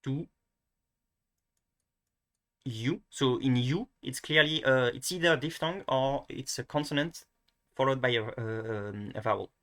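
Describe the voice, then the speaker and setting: A man's voice: medium pitch, measured pace, pauses often, a bit bright. A young man, teaching pronunciation in a casual, hesitant way, thinking aloud and often restarting. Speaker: language teacher.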